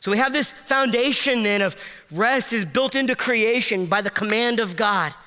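Impassioned high-voiced preacher in a hall. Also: male voice, moderate pace, clean tone. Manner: impassioned, climbing high and loud at emotional peaks, dropping soft and low; casual, self-deprecating asides with fillers. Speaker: pastor. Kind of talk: sermon.

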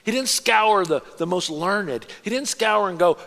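A man preaching a sermon as a pastor, conversational and animated, acting out quoted asides. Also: high voice, moderate pace, gravelly. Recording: long hall reverb.

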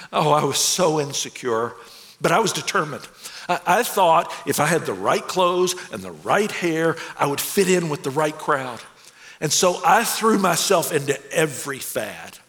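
A man delivers a confessional first-person sermon, earnest and lively, his pitch swinging up and down. He stammers as he restarts lines. A long hall reverb trails each phrase. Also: a little slow. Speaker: dramatic monologue performer. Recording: echoey hall.

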